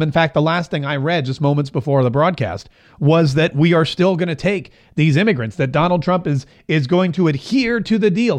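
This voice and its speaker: A talk-show host, his voice sitting a little higher than most men's. He chats in an opinionated, loose way, stopping and starting his sentences as he goes. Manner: chatty and opinionated, with frequent restarts and laughs. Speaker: political commentary host. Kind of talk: casual talk-show commentary.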